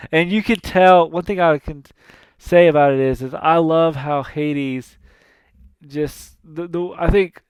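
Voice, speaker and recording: A man's voice: fairly high pitch, unhurried, clean tone, dry recording, studio quality. A man in his thirties hosting a podcast, retelling a cartoon in a casual, rambling way that keeps correcting itself. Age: 30s. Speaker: podcast host.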